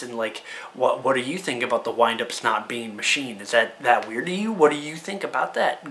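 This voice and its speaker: A man ranting to camera in a casual opinion video, firing off exasperated rhetorical questions and talking fast in bursts. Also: mid-range voice, bright, forceful tone, slight background noise. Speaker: card game video creator.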